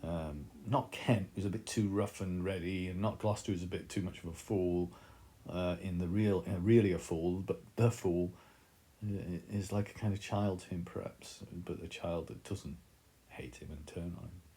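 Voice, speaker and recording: A man's voice: low voice, fairly even intonation, moderate pace, warm tone. A man teaching a literature lesson, explaining in a thoughtful way with frequent fillers.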